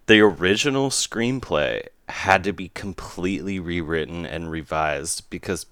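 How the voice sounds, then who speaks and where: A man's voice: low voice, measured pace, a bit bright, no room sound, clean studio sound. A man co-hosting a podcast, laid-back and agreeable in casual movie chat. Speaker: podcast co-host.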